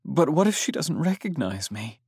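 A man voicing a gentle young woman who pleads softly through tears, in a storybook reading. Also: on the high side, sing-song, moderate pace, husky, no echo, studio quality, pitched above the performer's own voice. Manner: soft, pleading, tearful.

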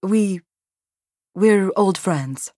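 A woman narrator voicing a soft-spoken Brazilian cowboy man who speaks in a hesitant, warm way. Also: medium pitch, animated, extremely slow, no echo, studio quality.

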